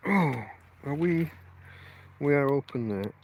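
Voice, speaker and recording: A man's voice: a little high, expressive, takes it slowly, slight background noise. An English man hosting a casual live stream while walking his dog outside at night, rambling and chatting to his dog between thoughts. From England. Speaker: podcast host.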